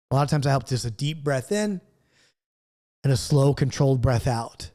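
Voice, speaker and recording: A man's voice: mid-range voice, moderate pace, warm tone. A middle-aged man teaching a recorded Bible study lesson, earnest and coaching, repeating key points.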